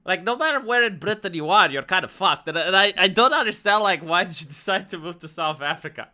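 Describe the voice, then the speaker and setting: A man hosting a casual live stream, originally from Eastern Europe, who talks in an animated way and mocks people with impressions. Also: high-pitched, quick pace. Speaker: stream host.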